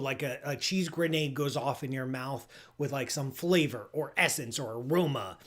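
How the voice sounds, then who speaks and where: Chatty, slightly high-voiced man. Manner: loose and chatty, full of "like" and restarts; playfully enthusiastic food tasting. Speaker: astrophysicist host of a live call-in space show. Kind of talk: casual live-stream chat.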